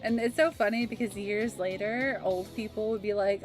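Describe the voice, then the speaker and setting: Woman in her thirties, streamer, chatty and reminiscent, mid-range voice, game music clearly underneath. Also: mid-range voice, fairly even intonation, moderate pace. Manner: chatty and reminiscing, laughs easily. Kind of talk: casual gaming stream chat.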